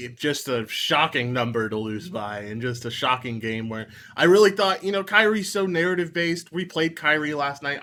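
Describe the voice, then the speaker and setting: A man with a bright, forward voice hosts a casual sports chat. He rattles off game results and laughs easily between points. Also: mid-range voice. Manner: chatty, laughs often, lists results. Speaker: co-host of a sports betting show.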